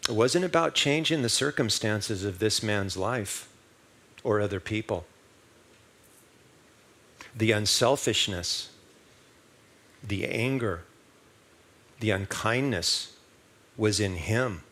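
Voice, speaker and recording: A man with a fairly low voice preaching a sermon. He talks in an easy conversational way, tells stories and keeps asking the congregation rhetorical questions. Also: expressive, takes it slowly, long pauses, a bit bright. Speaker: minister. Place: church service.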